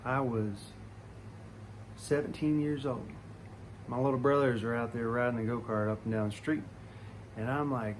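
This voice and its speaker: A man's voice: medium pitch, fairly even intonation, normal speed, pauses often, slight background noise. A man telling a childhood story in a folksy, rambling way, full of restarts and asides. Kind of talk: casual storytelling.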